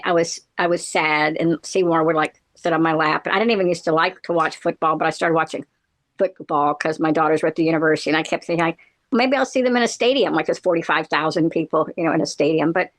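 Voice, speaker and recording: A middle-aged woman in casual chat, telling a long personal story in a rambling way, with many fillers and frequent laughs. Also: fairly low pitch.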